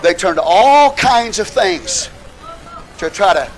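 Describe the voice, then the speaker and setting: A man preaching a sermon with fervor, rising at times to shouts and calling out hallelujah to the congregation. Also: high-pitched, very animated, slow, a crowd in the background, low-quality recording. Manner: calls out hallelujah, asks the congregation questions.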